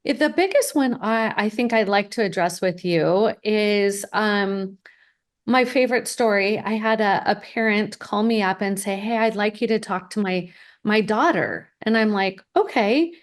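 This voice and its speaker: A woman's voice: medium pitch, moderate pace. A woman hosting a podcast interview, telling an anecdote and acting out the people in it. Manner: storytelling, acts out quoted voices. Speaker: podcast host, college advisor. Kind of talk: conversational interview.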